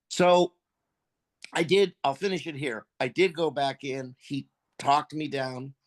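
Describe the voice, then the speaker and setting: A man's voice: fairly high pitch, slow pace. An older man, a voice actor guest, telling casual, profanity-laced stories and animatedly acting out what people said. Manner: profane, animated, acts out quotes. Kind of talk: casual storytelling.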